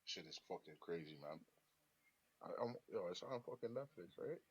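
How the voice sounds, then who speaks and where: A man's voice: sits low, lively intonation, moderate pace, slightly rough. A man co-hosting a podcast in laid-back casual chat, using slang like "yo" and "man". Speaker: podcast co-host. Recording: dull lo-fi sound.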